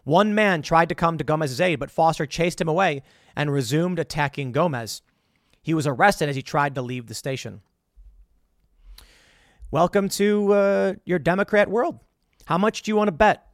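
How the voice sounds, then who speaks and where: A man's voice: fairly high pitch, normal speed, no room sound, studio quality. A man giving a sarcastic, exasperated political commentary monologue.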